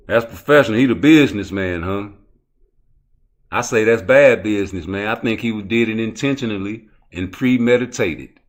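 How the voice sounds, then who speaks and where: Profane animated man ranting about boxing. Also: fairly low pitch, normal speed. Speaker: boxing commentary vlogger. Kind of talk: casual ranting commentary.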